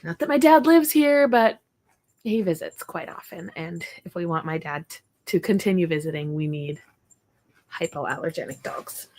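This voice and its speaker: A woman's voice: lowish voice, normal speed, darkish tone. A young woman hosting a casual livestream from her home, chatting in a rambling way with viewers and stopping now and then to talk to her dog. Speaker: livestream host.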